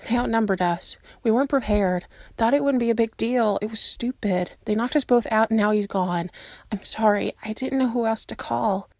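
A woman's voice: on the high side, normal speed, darkish tone, no echo, studio quality, pitched above the performer's own voice. A woman voicing a brash, eager young woman hero who talks in an earnest, keyed-up rush. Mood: anxious.

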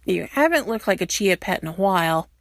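A woman doing a gruff, grumbling werewolf man. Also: mid-range voice, lively intonation, fairly quick, no room sound. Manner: grumbling, dry, reluctant.

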